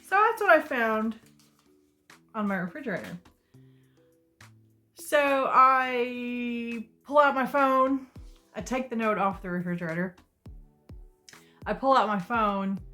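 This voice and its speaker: A woman recounts a household feud to her camera from a couch in a living room. Her voice is bright and forward, her delivery casual and exasperated, with sarcastic asides. Faint music plays underneath. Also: on the high side, takes it slowly, long pauses. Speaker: vlogger. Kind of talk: storytime vlog.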